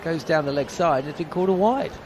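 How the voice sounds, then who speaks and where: A man's voice: fairly high pitch, fast, background noise. A man giving live ball-by-ball radio cricket commentary, chatty and wry.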